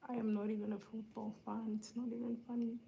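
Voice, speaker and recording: A woman from Uganda hosting a live stream, greeting viewers one by one in a soft, laid-back, whispery way while feeling under the weather. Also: a little high, level tone, fast talker, gravelly, a little hiss or hum, poor audio. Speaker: livestream host greeting viewers.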